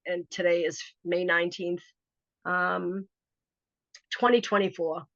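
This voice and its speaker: A woman telling a personal story in a casual interview, animated and acting out what other people said. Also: lowish voice, slow, dry recording. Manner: animated, acts out quoted voices. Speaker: author telling her story. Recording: dry, slightly dull recording.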